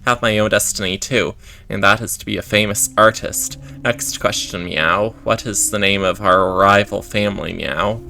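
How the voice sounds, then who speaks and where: Vain male cat artist, ends lines with meow, gravelly voice, low pitch, read by a man. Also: moderate pace, pushed and bright, faint music behind.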